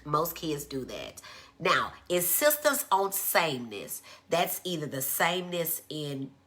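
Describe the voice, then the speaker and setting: This doctor, a woman teaching about autism in a casual livestream lecture, has a low, bright, forceful voice; she speaks slowly but is very animated. Chatty throughout, she explains things, checks in with "okay?", and greets viewers by name.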